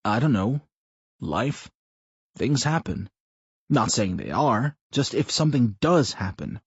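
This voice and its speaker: A man's voice: mid-range voice, very animated, slow, slightly rough, no echo, full character voice. A man voicing an earnest, affectionate middle-aged husband who speaks hesitantly, in a slightly muffled recording.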